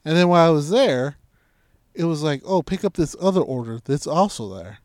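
Animated man telling a story. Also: fairly high pitch, a little fast, dry recording, studio quality. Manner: animated storytelling, acts out his own past lines, swears freely. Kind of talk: casual chat.

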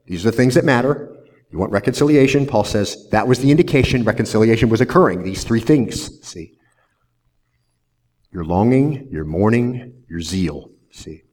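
A man's voice: lowish voice, lively intonation, normal speed, a little mellow. A man pastor preaching a verse-by-verse sermon in an earnest manner, often tagging "see?" onto his points.

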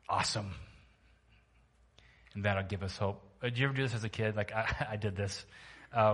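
A man's voice: mid-range voice, a bit bright. A man preaching a sermon to his church, talking in a loose, humorous way and putting questions to the congregation. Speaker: pastor.

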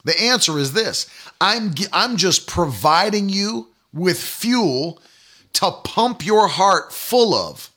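A man's voice: high voice, animated, takes it slowly, pushed and bright. A man in his thirties preaching a sermon, emphatic and repetitive, mocking the doubters he quotes. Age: 30s. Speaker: pastor.

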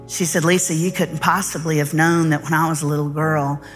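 A woman's voice: deep voice, fairly even intonation, a little fast, soft background music. A middle-aged woman, a Bible teacher telling a personal story in a sermon and quoting others in her own voice.

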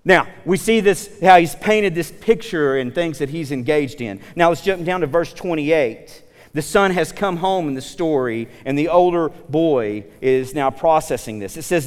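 A man preaching a casual, animated sermon, retelling the story with asides to the congregation. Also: a little high, measured pace, clean tone, big-room sound. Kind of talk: conversational sermon.

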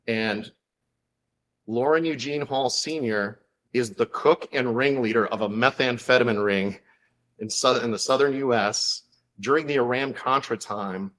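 A man's voice: medium pitch, a little slow, fairly bright tone. Enthusiastic man telling a story as a guest. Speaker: author guest. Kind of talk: casual chat.

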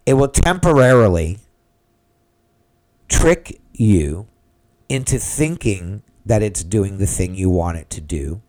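A man's voice: lowish voice, expressive, slow pace, long pauses, a little mellow. A middle-aged man hosting a solo podcast, talking in an emphatic, rambling way and often repeating himself. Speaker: podcast host. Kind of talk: opinionated solo podcast monologue.

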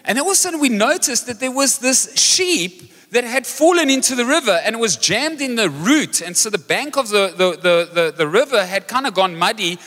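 A man preaching a sermon as pastor, animated and joking as he tells a story. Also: extremely high pitch, normal speed, few pauses. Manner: energetic, animated storytelling with jokes. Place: large church hall. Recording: live church hall reverb with music.

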